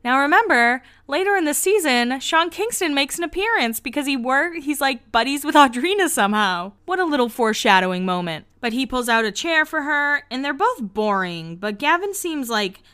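A woman's voice: high-pitched, expressive, normal speed, few pauses, pushed and bright. A woman hosting a podcast, recapping a show in a casual, chatty way with lots of 'like'. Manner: chatty, heavy use of 'like', laughs often. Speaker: podcast host.

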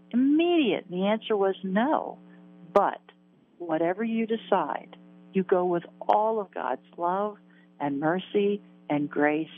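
Woman in her sixties on a tinny line. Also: mid-range voice. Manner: earnest, emotional, repeats words, laughs at herself. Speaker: guest. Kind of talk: recounting a personal near-death story. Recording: tinny phone-line sound.

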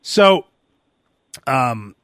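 A man hosting a podcast, chatting casually and telling animated stories in which he acts out phone calls and sometimes bursts into shouting. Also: medium pitch, drawn-out words, smooth, no echo, clean studio sound. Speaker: podcast host. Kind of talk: casual chat.

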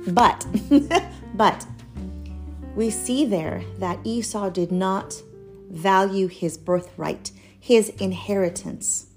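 A woman's voice: mid-range voice, slow. A young woman giving a casual, earnest devotional Bible teaching, chatty with light laughs between points. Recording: soft guitar music behind.

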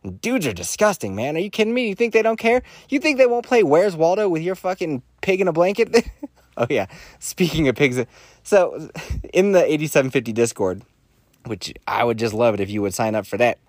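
A man's voice: on the high side, fairly quick, no room sound, studio quality. A man telling crude comic stories alone at his mic, laughing often and swearing freely while he is congested from a cold. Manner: profane, laughs often, animated storytelling. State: congested sinuses. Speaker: podcast host. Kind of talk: casual comedic monologue.

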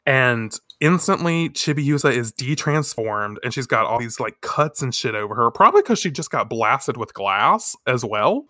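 A man co-hosting a casual recap podcast, animated, swearing often and laughing a lot. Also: medium pitch, normal speed, hardly any pauses, dry recording, studio quality. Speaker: podcast co-host.

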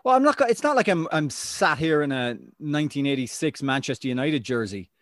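A man's voice: a little high, fairly quick, no room sound, clean studio sound. A man, co-hosting a sports podcast and telling chatty anecdotes. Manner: chatty storyteller, lively anecdotes. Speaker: podcast co-host. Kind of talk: casual chat.

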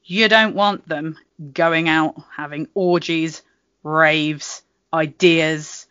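A woman's voice: sits low, fairly even intonation, extremely slow, a bit bright, smooth, dry recording, muffled recording. A British woman chatting casually on a podcast, rambling and giggly, with frequent laughs and restarts. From Britain. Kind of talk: casual chat.

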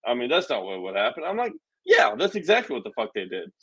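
A young adult man hosting a podcast, telling stories in an animated, indignant way. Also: medium pitch, fast talker, slightly rough, rough recording. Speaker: podcast host. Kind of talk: casual political chat.

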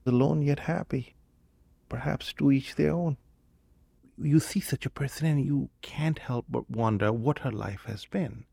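A man who works at a hotel, speaking in a reflective, gentle way in a documentary interview. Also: mid-range voice, unhurried, gravelly, slight background noise. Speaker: hotel worker.

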